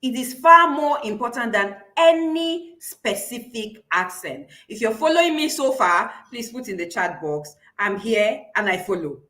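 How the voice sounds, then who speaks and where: A woman's voice: a little high, big pitch swings, measured pace, few pauses, pushed and bright. A woman with a Nigerian accent teaching a live online public speaking class, encouraging listeners and repeating key points.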